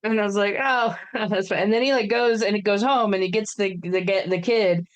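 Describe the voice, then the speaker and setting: A woman's voice: medium pitch, fairly quick. A woman co-hosting a podcast in casual chat, telling family stories in a chatty way, swearing and laughing often. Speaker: podcast co-host.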